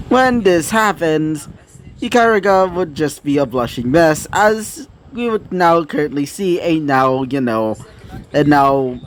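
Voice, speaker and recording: A man narrating a fan-fiction story in a rambling way, full of fillers and self-corrections. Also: mid-range voice.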